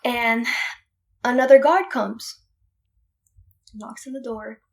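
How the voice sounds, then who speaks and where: Young woman from puerto rico, podcast guest, tells it animated and emphatic, highish voice. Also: takes it slowly. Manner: animated, emphatic retelling with many restarts. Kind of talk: casual storytelling.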